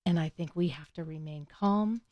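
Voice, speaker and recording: A woman co-hosting a talk show, giving gentle, measured Christian advice. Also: sits low, dry recording, dull audio. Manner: gentle, measured, soft-spoken. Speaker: co-host.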